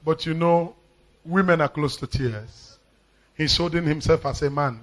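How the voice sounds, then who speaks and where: A man with a Nigerian accent preaching a live prophetic sermon as a pastor, commanding and emphatic, repeating phrases and breaking into shouted declarations. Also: a little high, a little slow, poor audio.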